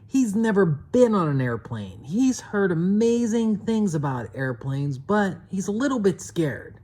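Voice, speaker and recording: A woman reads a children's story aloud, slow and expressive. Her voice sits at a comfortable middle pitch, and she takes her time over each line. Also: slightly rough.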